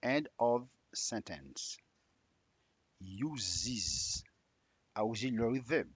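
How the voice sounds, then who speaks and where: A man leads a slow English lesson, stressing each example sentence carefully. His voice is a little husky and swings widely in pitch, rising sharply on each question tag. The recording is dry and close, with no room sound. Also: lively intonation, no room sound. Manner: drills example sentences with exaggerated rising tags. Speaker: English teacher. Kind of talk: slow spoken grammar lesson.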